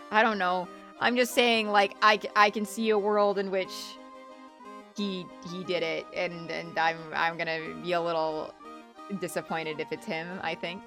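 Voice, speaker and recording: A woman's voice: fairly low pitch, little pitch movement, normal speed, sharp tone, faint music behind. A young woman streaming a game, chatting casually with lots of restarts and swearing. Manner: rambling, stammering, many restarts.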